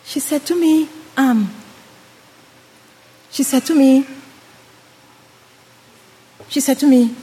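A woman preaching a sermon with an acted-out story, dramatic, swinging between loud and hushed delivery. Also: sits high, slow, pauses often. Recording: long reverb of a hall.

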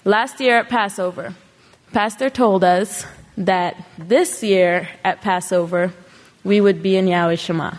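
A woman's voice: mid-range voice, fairly even intonation, unhurried. A woman giving an earnest sermon to a congregation, pressing her listeners with rhetorical questions. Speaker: congregation speaker. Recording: long hall reverb.

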